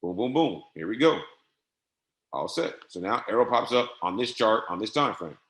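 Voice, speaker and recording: A man teaching a software setup on a screen-share webinar, dictating settings step by step in a patient, repetitive way. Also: fairly low pitch, animated, moderate pace. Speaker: trading software instructor. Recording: echoey room.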